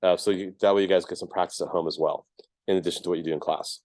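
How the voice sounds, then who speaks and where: A man's voice: sits low, fairly even intonation, racing, darkish tone, dry recording. A man teaching a math class, explaining each step casually with lots of ums and checks of "right?". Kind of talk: classroom lecture.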